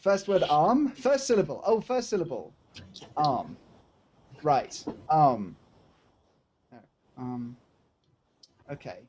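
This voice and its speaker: A man's voice: on the high side, animated, takes it slowly, long pauses, darkish tone, dull audio, slight background noise. A male podcast co-host in casual chat, playfully guessing at charades with short spoken guesses.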